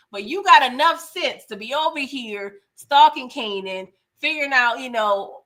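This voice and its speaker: A woman hosting a casual live-stream TV recap, animated and laughing as she talks back to the characters. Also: fairly high pitch. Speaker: TV recap host.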